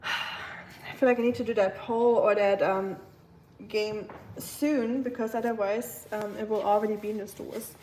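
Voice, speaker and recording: A woman hosting a casual live cooking stream, chatting with viewers in a relaxed way. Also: mid-range voice, a little slow, slight background noise. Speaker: livestream cooking host.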